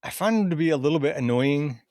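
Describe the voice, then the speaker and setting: A man's voice: on the high side, quick pace, no echo. Laid-back male podcast host, dry mic. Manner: relaxed, laughs often, reads cast list. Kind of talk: casual chat.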